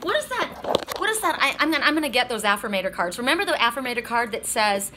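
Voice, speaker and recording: A middle-aged woman giving a casual, emotional oracle card reading, excitable and tearful, swearing freely. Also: a little high, very fast, background noise. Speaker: tarot and oracle card reader.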